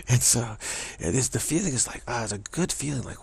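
A man giving a spiritual practice talk, halting and musing, with frequent restarts and repeated phrases. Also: mid-range voice, animated, vocal fry, breathy edge. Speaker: spiritual teacher.

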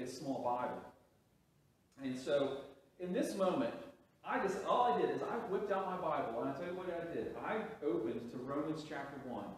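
A man preaching a sermon as pastor, telling a story with restarts and rising emphasis. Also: fairly high pitch. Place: church sanctuary. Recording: very echoey hall, from a distance.

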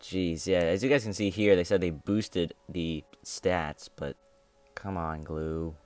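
A man's voice: sits low, steady tone, slow pace, a little mellow. Young man grumbling over a game box opening. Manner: frustrated, complaining, repeats himself. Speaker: gaming channel host.

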